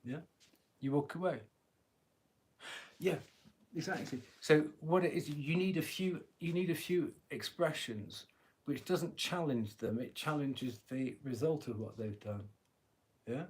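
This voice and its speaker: This tarot reader's voice is a little high, a little slow and a little mellow as he speaks into a phone during a live stream. He keeps things chatty, cracking jokes, laughing a lot and tossing in casual swearing.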